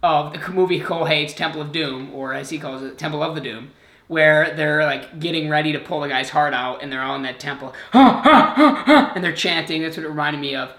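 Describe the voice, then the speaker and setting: A man co-hosting a podcast, chatting about a movie in an exclamatory way and quick to complain. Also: a little high, fairly even intonation, sharp tone. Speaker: podcast co-host. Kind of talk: casual movie-review chat. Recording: roomy echo.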